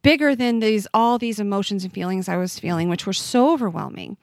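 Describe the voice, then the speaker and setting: This is a woman in her forties, guesting on a podcast, whose medium-pitched voice is a little mellow and brisk. She gives heartfelt personal testimony in conversation, earnest but frequently halting and restarting. The audio is clean studio sound without echo.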